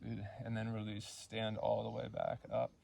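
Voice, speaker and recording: A man leading a yoga class, cueing poses and breaths in a calm, unhurried way and counting the holds. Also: lowish voice, creaky, a little hiss or hum. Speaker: yoga instructor. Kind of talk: guided yoga class instruction.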